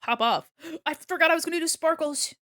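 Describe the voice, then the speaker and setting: A woman's voice: extremely high pitch, a little fast, a bit bright, no room sound, clean studio sound. Chatty swearing young woman streamer. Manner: rambling, swears freely, laughs often. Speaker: art streamer. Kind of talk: casual live-stream chat while drawing.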